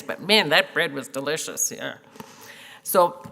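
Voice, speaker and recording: A woman's voice: deep voice, normal speed. An older woman giving a funeral eulogy, telling stories with fillers and laughs, tearful at times. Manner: warm storytelling with fillers and laughs. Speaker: eulogy speaker. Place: funeral hall. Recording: echoey hall.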